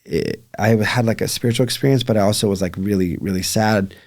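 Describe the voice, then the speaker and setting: A man with a fairly low voice speaks earnestly and reflectively as a podcast guest. He tells a painful family story with frequent pauses and fillers. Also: a little mellow. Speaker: podcast guest, life coach. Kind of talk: emotional personal storytelling.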